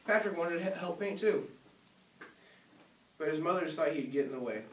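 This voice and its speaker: A man's voice: on the high side, animated, brisk, slight background noise. Man reading a picture book aloud. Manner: gentle storytelling, small slips. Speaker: reader. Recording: echoey room, distant mic.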